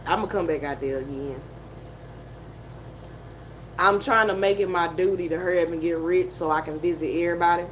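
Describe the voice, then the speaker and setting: A woman with a Southern American accent, telling a story in a profane, animated way and laughing often. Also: on the low side, brisk, pauses often, slight background noise, low-quality recording. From Southern United States. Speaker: motivational streamer. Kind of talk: casual storytelling chat.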